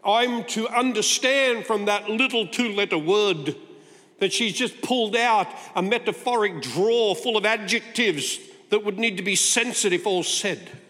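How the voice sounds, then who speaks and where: A man in his sixties, with a high voice and sharp tone, preaches a sermon as a guest speaker, speaking unhurriedly. He addresses the congregation in a conversational, playful storytelling way, and the recording carries a long hall reverb.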